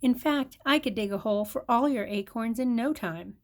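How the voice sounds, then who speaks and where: A woman's voice: a little high, moderate pace, close to an everyday voice. A grandmother reading aloud, voicing a grumpy, hardworking female mole who complains and snaps. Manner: complaining, snappish.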